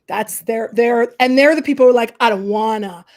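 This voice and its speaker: Hosting a relaxed conversation, this middle-aged prairie Canadian woman speaks a little fast in a fairly high voice. Her delivery is lively, and she performs small quoted voices along the way.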